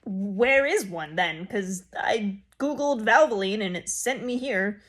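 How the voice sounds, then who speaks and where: A young woman vlogger telling a rambling story casually to a phone camera. She jumps in volume and pitch when she quotes herself. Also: takes it slowly. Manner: animated and rambling, with sudden loud jumps when quoting herself.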